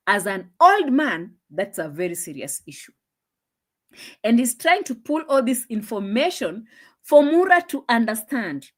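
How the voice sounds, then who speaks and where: Animated woman streaming gossip. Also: unhurried. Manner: animated, laughing, drops to low asides. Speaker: live-stream host. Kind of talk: casual live-stream gossip chat.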